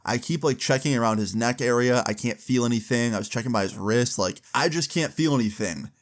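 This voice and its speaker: A young man vlogger telling a storytime in casual, animated speech with frequent swearing. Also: mid-range voice, brisk. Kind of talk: storytime vlog.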